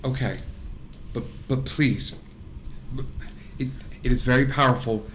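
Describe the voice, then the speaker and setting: A man's voice: mid-range voice, measured pace, a little hiss or hum, natural voice. A man voicing an earnest female toy character who warns insistently, stumbling over repeated words.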